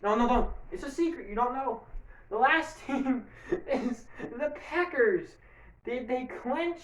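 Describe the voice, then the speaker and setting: A man giving a casual, rambling sports recap to camera, breaking into bursts of mock play-by-play hype. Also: very high-pitched. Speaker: sports video creator. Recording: echoey room.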